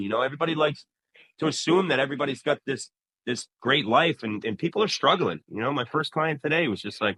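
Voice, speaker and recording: A man's voice: mid-range voice, fast, no echo, rough recording. A man who owns a barbershop, talking casually in an interview and acting out conversations with clients as he tells stories. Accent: New England. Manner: animated storyteller, acts out quoted dialogue. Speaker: barbershop owner, guest.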